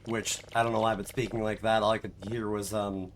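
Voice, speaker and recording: A man's voice: fairly low pitch, flat delivery, a little fast, slight background noise. A young man streaming a game, chatting casually in a rambling, self-mocking way and laughing often. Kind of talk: casual chat while gaming.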